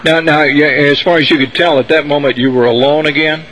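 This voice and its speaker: A man's voice: fairly high pitch, fairly even intonation, a little fast, fairly bright tone, rough recording. A man hosting a radio talk show, interviewing a guest in a hesitant way full of fillers and restarts.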